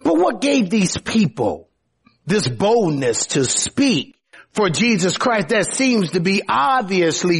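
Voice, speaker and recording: A man's voice: sits high, breathy edge. A man preaching a sermon emphatically and dramatically, full of rhetorical questions.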